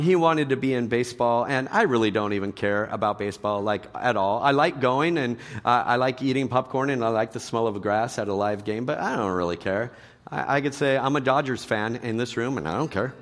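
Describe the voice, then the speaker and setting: A middle-aged man preaching a sermon to a live church audience, joking and animated, swinging between loud punchlines and hushed earnest points. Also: medium pitch. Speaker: pastor.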